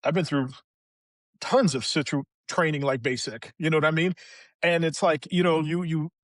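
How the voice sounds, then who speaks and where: Man, podcast guest, casual storytelling, slightly high voice, acts out quotes, dry close sound. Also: fairly even intonation, normal speed, no room sound.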